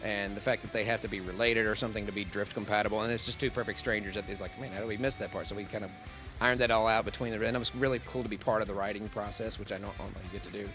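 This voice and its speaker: A man's voice: on the low side, fairly even intonation, rapid-fire, music in the background. A man who works as a professional voice actor, talking in a casual convention interview, rambling and laughing often.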